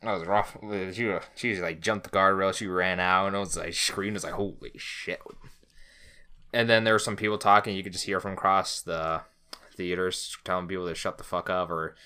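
A man's voice: deep voice, fairly even intonation, brisk, bright, forceful tone, clean tone. A man, co-hosting a casual podcast, telling a rambling story and swearing freely. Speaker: podcast co-host.

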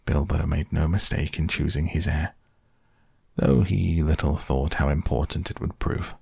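A man narrating an audiobook in a steady, unhurried storytelling manner, close to the mic. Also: very deep voice, vocal fry, husky, dry recording. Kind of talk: scripted narration.

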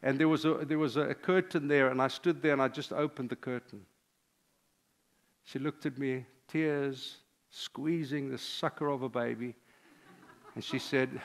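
Older guy pastor giving a sermon, bit higher voice, tells personal stories, hushes down for confession bits. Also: measured pace. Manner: personal storytelling, sometimes dropping to a hushed confessional tone.

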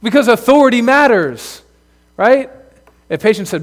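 Male pastor, high-pitched voice, earnest, direct sermon delivery. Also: very animated, a little fast. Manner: earnest, direct, addresses children in the pews. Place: church sanctuary.

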